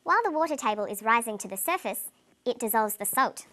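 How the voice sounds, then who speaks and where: A woman presenting an English lesson in clear, deliberate scripted narration, slowing down on example words. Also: on the high side, expressive, pushed and bright.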